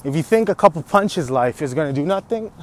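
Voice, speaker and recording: A man's voice: fairly high pitch, animated, fairly quick. A man hosting a podcast, delivering a riled-up, trash-talking motivational rant with bursts of laughter. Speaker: podcast host.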